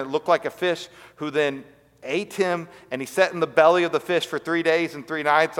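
Man, pastor, sermon, earnest storytelling, quiet emphasis, long hall reverb. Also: on the high side.

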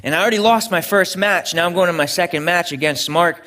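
A man's voice: sits high, fast, pushed and bright. A young adult man, a pastor, preaching a sermon in an earnest storytelling way with frequent restarts.

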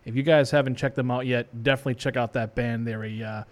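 A man's voice: mid-range voice, steady tone, fast. A male radio DJ, rambling casually and joking about himself between songs in a small studio. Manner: rambling, self-joking, loose. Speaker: radio DJ host. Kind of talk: casual live radio chat.

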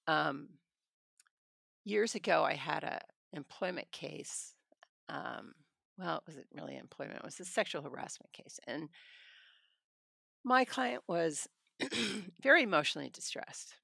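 A woman's voice: sits low, lively intonation, a little slow, gravelly, pauses often, pushed and bright, dry recording, clean studio sound. A middle-aged woman, a trial attorney, telling blunt stories in a casual podcast conversation and laughing often.

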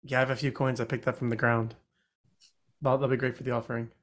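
A man playing a tabletop game over a voice call, excitable and quick to laugh. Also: mid-range voice. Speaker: player. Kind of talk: casual tabletop play.

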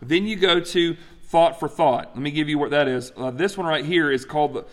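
A man preaching a teaching sermon, emphatic and animated, often stopping to restart a phrase or add "right?" His voice sits a little high for a man and rings with the long reverb of a big hall. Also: fairly quick. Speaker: pastor.

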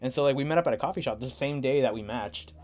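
A young podcast host from San Diego chats casually in a relaxed, rambling way, laughing often. His medium-pitched voice moves fast and has a slightly mellow quality.

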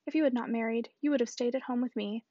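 A woman reading the lines of a fussy, anxious elderly gentleman who worries about his daughter. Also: a little high, fairly even intonation, quick pace, no room sound, dull audio, close to an everyday voice. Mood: fretful. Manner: fretful, soft-spoken.

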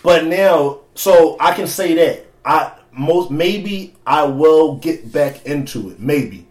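A man's voice: fairly high pitch, lively intonation, slow pace. A young man co-hosting a casual podcast, talking loosely with lots of swearing. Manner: profane, loose, laughing. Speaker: podcast co-host. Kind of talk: casual chat. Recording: echoey room.

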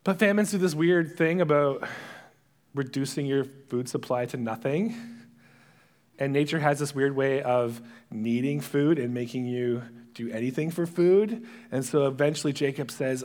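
A man preaching a sermon, retelling a Bible story as an animated storyteller who acts out the characters' lines. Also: mid-range voice, normal speed. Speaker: pastor.

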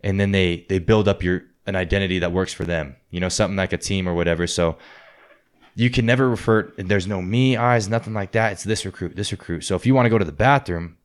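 Fast-talking, profane low-voiced man. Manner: profane, blunt, animated storytelling. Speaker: podcast host, former Marine. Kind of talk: casual storytelling chat.

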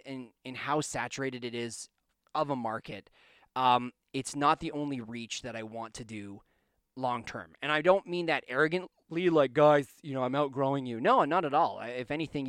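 A man in the middle of pitch talks on his own podcast, hiccuping and coughing now and then. His voice is smooth and resonant, and the room sounds dry. He rambles earnestly and restarts his sentences often. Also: fairly bright tone, dry recording. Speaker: podcast host. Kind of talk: casual solo podcast monologue. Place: home basement studio.

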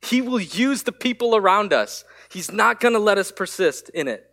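A man pastor giving a sermon, telling a candid story with quick asides. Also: sits high, expressive, vocal fry, fairly bright tone.

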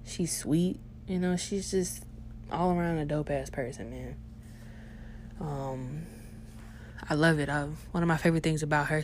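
Low-voiced young woman telling a profane story. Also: slight background noise. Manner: animated, profane, laughing, slangy. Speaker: podcast host. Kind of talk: casual storytelling chat.

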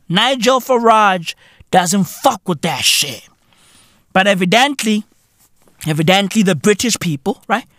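A man with a South African accent hosting a podcast, ranting in a profane, animated comic monologue full of slang. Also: high voice, no room sound, clean studio sound. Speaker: podcast host.

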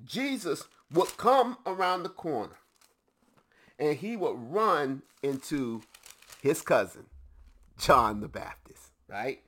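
A man's voice: on the high side, sing-song, takes it slowly, fairly bright tone. A man preaching a teaching sermon to a congregation, emphatic and often putting questions to his listeners.

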